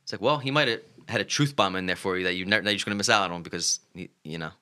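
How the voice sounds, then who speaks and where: A man in easy chat as a podcast co-host, agreeable and quick to chime in. He talks fast in a low voice. His tone comes across bright and forceful. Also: animated. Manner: quick, agreeable, fills in with yeah and right. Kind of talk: casual chat.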